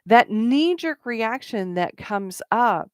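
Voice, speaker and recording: A woman's voice: a little high, expressive, slow, dry recording. Woman coaching on networking, dry sound. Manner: conversational with fillers and acted-out quotes. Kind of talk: casual talk to camera.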